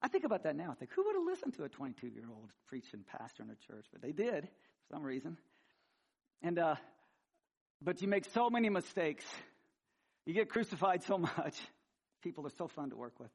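Animated high-voiced preaching man. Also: brisk, creaky, long pauses, husky. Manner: animated preaching, swinging from loud emphasis to quiet asides; conversational, with frequent restarts and humor. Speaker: pastor. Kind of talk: sermon. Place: church sanctuary.

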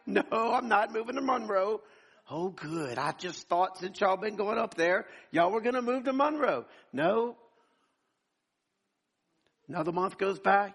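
A man's voice: high-pitched, expressive, unhurried, fairly bright tone, breathy edge. A man, preaching a sermon in a church and telling stories animatedly, acting out the people he quotes. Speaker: pastor. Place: church sanctuary.

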